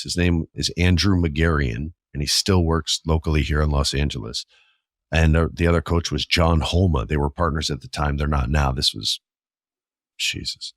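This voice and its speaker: A man in his forties with a very low voice, talking loosely and swearing freely as he tells a story on his podcast. He gets animated and acts out both sides of the arguments he remembers. The sound is dry and close, with no room around it. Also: no echo. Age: 40s. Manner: animated, profane, acts out quoted exchanges. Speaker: podcast host. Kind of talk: casual storytelling monologue.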